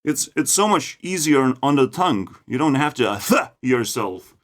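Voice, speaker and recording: A man's voice: big pitch swings, moderate pace. Ranting man with a Lithuanian accent. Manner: profane, mocking, swings between loud outbursts and low mutters. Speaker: vlogger. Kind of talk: ranting monologue. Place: outdoors in a forest.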